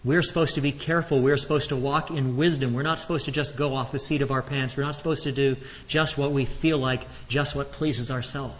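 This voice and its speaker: A man teaches from scripture in a loose, conversational way, often restarting his sentences as he explains. His voice sits at an ordinary middle pitch, and it carries with a long reverb through a hall. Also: fairly even intonation, a little fast, few pauses. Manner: conversational, earnest, stammers on restarts. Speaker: Bible teacher. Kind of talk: expository Bible teaching.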